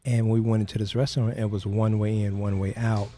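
A man with a low, mellow voice recounts his life as a podcast guest. He speaks earnestly and plainly, dropping into the voices of the people in his story. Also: little pitch movement, quick pace. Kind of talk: storytelling interview.

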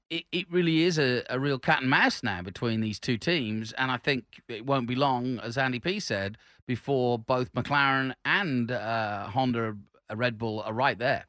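A man with a bright, clear-edged voice chats casually on a motorsport podcast. He talks haltingly, pausing and restarting often, and likes to explain the rules at length. The sound is close and dry. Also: medium pitch, no room sound. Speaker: podcast co-host.

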